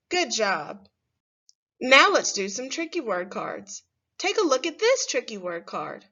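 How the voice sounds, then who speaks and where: A woman teaching a first grade phonics lesson, speaking slowly and clearly and stretching words for young children. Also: fairly high pitch, very animated, sharp tone, highs cut off.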